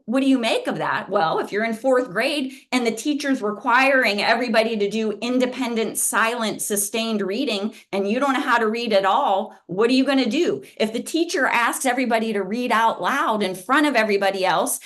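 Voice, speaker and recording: A woman guest speaker, a psychology professor, giving an informal lunch talk over a video call, telling stories animatedly and restarting her sentences often. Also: fairly high pitch. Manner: animated storytelling, many restarts.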